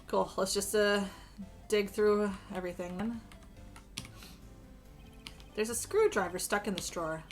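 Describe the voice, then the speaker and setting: A woman's voice: medium pitch, measured pace, long pauses, soft background music. A woman streaming a game, reading the dialogue aloud with joking, crude asides and a strained voice.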